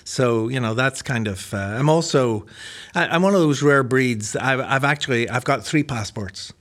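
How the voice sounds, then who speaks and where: Older pastor with Irish-American accent, chatty guest, self-mocking humor. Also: male voice, medium pitch, moderate pace, a bit bright. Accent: Northern Irish mixed with American. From Northern Ireland. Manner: chatty, self-deprecating, laughs at his own jokes. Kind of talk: casual interview conversation.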